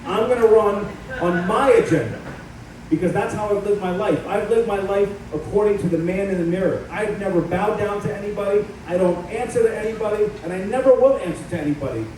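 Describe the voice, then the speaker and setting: A middle-aged man gives a combative campaign speech in a large hall, telling stories about his own fight. His voice sits on the high side with a dark, mellow tone. Heavy room echo and a distant mic make him sound far off, with faint ambience underneath. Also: fairly quick, a little hiss or hum. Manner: combative, storytelling. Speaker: political candidate. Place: event hall.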